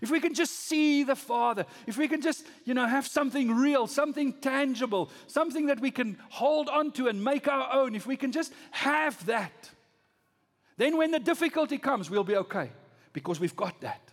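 A pastor preaching a sermon, swinging from loud rising emphasis to low, soft lines. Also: male voice, lively intonation, normal speed, long reverb tail.

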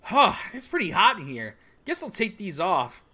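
A man's voice: high voice, very animated, moderate pace, bright, forceful tone, full character voice. A man doing a carefree boy fighter.

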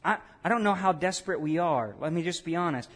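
A pastor preaching a sermon in a conversational way, tossing questions and asides to the congregation. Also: male voice, on the high side, lively intonation, fast talker, fairly bright tone.

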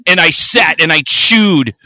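A man co-hosting a podcast, telling a profane, animated story in casual chat. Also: fairly high pitch, a little slow, no echo. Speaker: podcast co-host.

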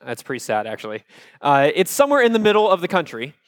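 A man from Iowa, telling a personal story to a live audience in a conversational way, with asides to the crowd and animated retellings of his childhood panic. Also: on the high side, fast, no echo, studio quality. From Iowa, USA. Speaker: speaker addressing a live audience.

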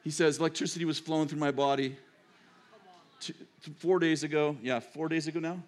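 An older male pastor delivers a sermon as if telling stories to friends, wandering into side notes and back again. His voice sits a little higher than most men's. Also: steady tone, a little fast, darkish tone. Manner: storytelling, chatty, digressive.

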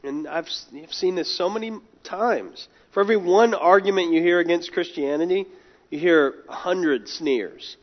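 A man with a high voice preaches a sermon, earnest and emphatic, often stumbling over and repeating his words. The recording sounds dull and lo-fi. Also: normal speed. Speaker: pastor.

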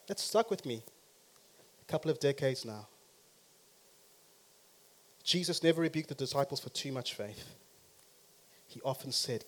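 A man preaching a sermon who talks straight to the congregation and swings from quiet to loud and emphatic. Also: medium pitch, animated, measured pace, pauses often.

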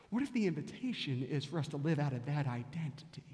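A male pastor preaches with a high-pitched voice, building his sermon through story and rhetorical questions. A long reverb hangs after each phrase in a large church sanctuary. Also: sing-song, fast talker, darkish tone.

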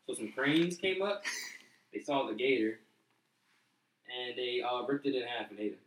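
A man's voice: medium pitch, moderate pace, long pauses, distant mic, noisy background. Reluctant man talking from off-mic. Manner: reluctant, flat, a bit defensive. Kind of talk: casual storytelling. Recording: echoey, away from the mic.

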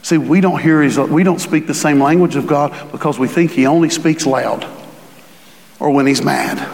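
A man preaching a sermon, swinging from hushed tones to booming scripture reading. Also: normal speed, creaky, long reverb tail. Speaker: pastor.

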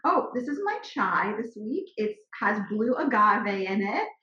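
A woman's voice: medium pitch, sing-song, pushed and bright, lo-fi sound. A woman co-hosting a podcast from her office, earnest and reflective in casual chat. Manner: earnest and reflective, fast run-on sentences. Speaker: podcast co-host. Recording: echoey office room.

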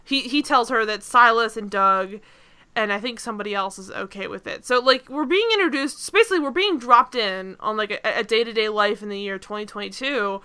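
Bright, crisp-voiced woman recapping TV. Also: a little high, brisk. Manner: rambling, many fillers and asides. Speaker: podcast host. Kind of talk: casual TV recap chat.

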